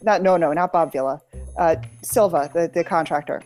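A middle-aged New England woman chats casually about a TV show in a lowish, darkish voice. Her delivery is halting, with frequent restarts, and faint music plays in the background.

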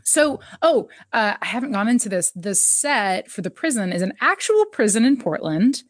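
A woman's voice: fairly high pitch, very animated, moderate pace, no echo, clean studio sound. A woman co-hosting a casual chat, recapping a TV episode with an easy, enthusiastic manner. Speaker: podcast co-host.

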